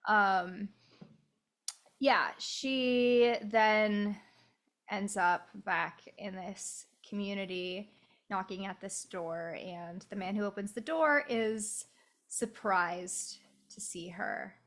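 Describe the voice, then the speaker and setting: A woman with a Midwestern American accent co-hosting a podcast, chatting casually with frequent "um" pauses. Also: mid-range voice, a bit bright. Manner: easygoing, pauses with "um". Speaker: podcast co-host. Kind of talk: casual chat about a film.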